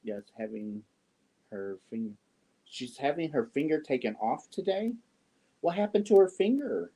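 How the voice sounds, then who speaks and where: A man's voice: mid-range voice, sing-song, moderate pace, warm tone, breathy edge. A man hosting a crochet livestream, chatting casually, reading viewer comments and cooing to his cats. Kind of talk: casual chat while crocheting.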